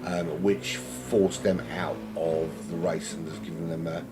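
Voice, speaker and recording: A man's voice: sits low, steady tone, measured pace, music in the background. A man from South London with a South London accent, commentating on a sim race from home in a rambling, self-mocking, chatty way.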